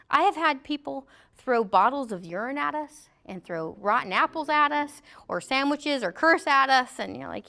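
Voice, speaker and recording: High-voiced middle-aged woman, joking safety instructor who acts out quotes. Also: expressive, normal speed, gravelly, few pauses, pushed and bright. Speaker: safety trainer. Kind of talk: classroom training talk.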